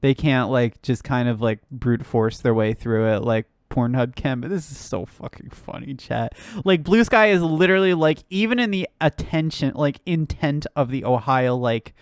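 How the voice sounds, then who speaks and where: Speaking at a normal pace in an animated bass voice, a woman streamer and news commentator reacts on a casual live stream. There's no room sound at all. She rants, curses, laughs and leans heavily on filler words.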